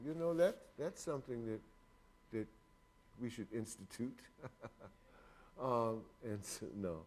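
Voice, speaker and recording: A man's voice: mid-range voice, expressive, unhurried, pauses often, darkish tone. A man in his sixties hosting a casual show, rambling and joking with frequent laughs. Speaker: host. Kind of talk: casual chat.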